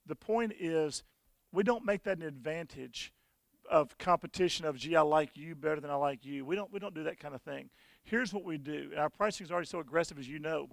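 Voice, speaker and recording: A man's voice: a little high, fairly quick, creaky, dry recording. A man giving a folksy, conversational sales presentation to an audience at a conference session.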